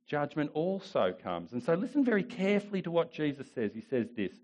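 A male pastor preaching a sermon with emphatic repetition, swinging between rising declarations and quiet asides. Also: fairly high pitch, very animated, a little fast, hardly any pauses, highs cut off. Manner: emphatic preaching, repeats phrases, rises and drops in volume.

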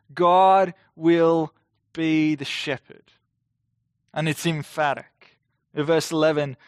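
A man's voice: a little high, no echo. Male preacher with a dry close sound. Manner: measured, emphatic delivery with slowed key phrases. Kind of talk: sermon.

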